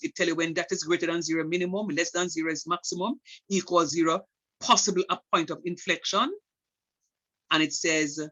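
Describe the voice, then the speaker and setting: A man's voice: on the high side, a bit bright, highs cut off. A man teaching a maths lesson in a conversational way, thinking aloud and correcting himself as he goes. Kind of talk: online lesson.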